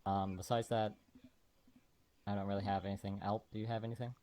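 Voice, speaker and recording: A man serving as intelligence officer, giving casual reminders over game voice chat with relaxed radio lingo. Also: lowish voice, brisk, slight background noise.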